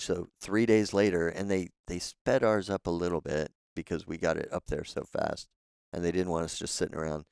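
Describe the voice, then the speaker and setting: A man with a low, gravelly voice that stays smooth and resonant, spinning casual, salty stories as a podcast guest. He sounds relaxed and laughs easily. The sound is dry and close on a studio mic. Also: brisk, few pauses, no room sound. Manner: relaxed, profane, laughs often. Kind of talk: casual storytelling.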